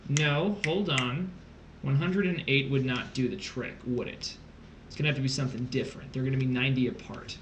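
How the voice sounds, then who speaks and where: A man's voice: mid-range voice, a little fast, fairly bright tone, a little hiss or hum. A man tutoring test prep on a livestream, working through math problems aloud with playful asides. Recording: roomy echo.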